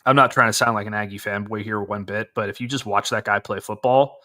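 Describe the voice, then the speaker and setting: A man playing a sports talk co-host with a lowish, bright, forceful voice. He gives firm opinions in a casual way and often restarts his sentences. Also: fairly even intonation, quick pace.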